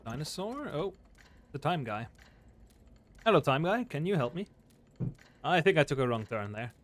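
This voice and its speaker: A man's voice: on the high side, big pitch swings, normal speed. A young man streaming a game live, reacting in a casual, profane way.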